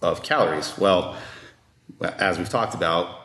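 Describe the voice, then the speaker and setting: A man's voice: low voice, unhurried, a bit bright. A man, a strength and conditioning coach and podcast guest, explaining his views in casual conversation, emphatic and full of restarts and rhetorical questions. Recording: roomy echo.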